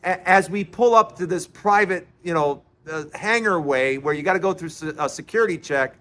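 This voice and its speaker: A man's voice: high-pitched, normal speed, fairly bright tone. A man telling a story in chatty commentary, laughing often and repeating himself as he goes.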